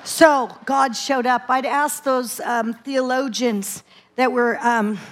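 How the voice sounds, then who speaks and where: A woman preacher telling her testimony in a sermon, animated and laughing often as she tells it. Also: fairly high pitch.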